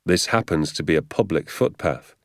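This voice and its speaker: Man voicing a playful poacher father, calm, knowing, deep voice, dry recording. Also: normal speed, no room sound. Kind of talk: audiobook character voice.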